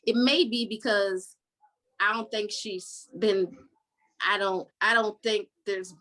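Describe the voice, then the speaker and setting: A woman's voice: mid-range voice, slow pace. A woman hosting a casual book-club podcast, retelling the story in a frank, slangy way and laughing often. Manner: animated storytelling, voicing characters' lines. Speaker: podcast host.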